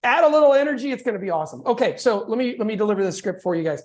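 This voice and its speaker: Male sales coach, jokey and high-energy, chatty delivery, teaching over a video call. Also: rapid-fire. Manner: energetic, joking, conversational. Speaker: real estate coach.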